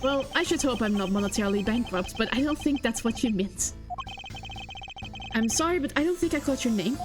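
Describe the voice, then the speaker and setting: A woman voicing a composed male prosecutor, speaking in a calm, measured and formal way. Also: a little high, music in the background, lightly acted. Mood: polite.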